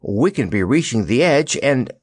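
A man's voice: medium pitch, big pitch swings, normal speed, darkish tone, slightly rough, dry recording, clean studio sound. A man voicing a spirited, teasing young queen in a storybook reading. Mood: lively teasing.

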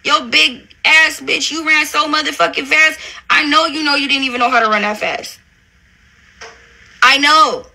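A woman's voice: sits high, steady tone, normal speed, creaky, bright, forceful tone. A woman ranting angrily and profanely on a livestream, hurling insults at someone who wronged her. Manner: profane, confrontational, repeats "bitch" constantly. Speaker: reality TV personality on a livestream.

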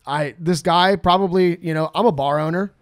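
A man co-hosting a casual podcast, joking in a wry, deadpan way. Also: fairly high pitch, moderate pace, no echo, clean studio sound. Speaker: podcast co-host, bar owner. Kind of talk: casual chat.

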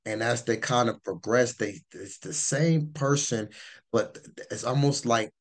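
A man's voice: mid-range voice, unhurried. A man giving an informal Bible teaching, rambling and repeating words, his voice worn. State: losing his voice.

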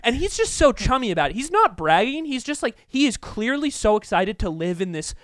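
A young man tells a story in a high, notably clear voice, animated and profane, with plenty of fillers. The sound is dry and close. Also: a little fast, no echo. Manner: animated, profane anecdote-telling with many fillers. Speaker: podcast host. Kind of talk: casual storytelling.

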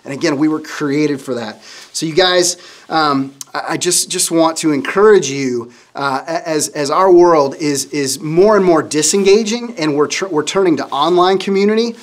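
A middle-aged man giving a kids' sermon as a children's pastor, telling stories in an animated way and often speaking to the kids as "you guys.". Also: fairly high pitch, moderate pace.

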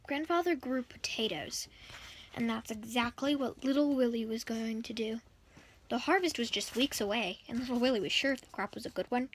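Woman, higher voice, reads a storybook aloud, trips over words and goes back. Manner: stumbles over words and rereads them. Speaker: channel host reading a book aloud. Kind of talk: storybook reading.

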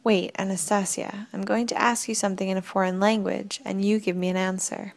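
A woman's voice: medium pitch, level tone, fairly quick, vocal fry, lightly acted. A woman reading an audiobook, voicing a skeptical man who asks doubting, eager questions. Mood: questioning.

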